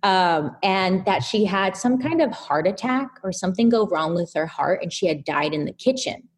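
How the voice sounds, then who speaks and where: A woman guest on a podcast, telling a story in a casual, animated way with lots of fillers. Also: medium pitch, normal speed, husky. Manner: animated, chatty, filler-heavy.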